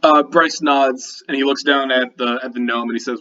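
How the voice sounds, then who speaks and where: A man narrating a tabletop game as dungeon master, casual and halting, with lots of fillers. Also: mid-range voice, steady tone, pushed and bright, highs cut off.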